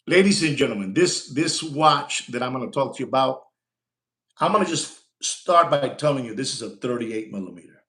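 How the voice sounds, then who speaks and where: A man's voice: mid-range voice, animated. Brash male watch dealer, live-stream patter, repeats himself, slips into Spanish slang, echoey room. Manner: brash, rapid switching between English and Spanish slang; repeats lines and shouts for likes. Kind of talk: casual live-stream sales talk.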